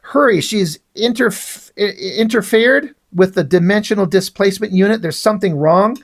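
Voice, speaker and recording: A man's voice: high-pitched, moderate pace. A man voicing an anxious, self-pitying woman scientist from a comic, in a flustered, stammering way.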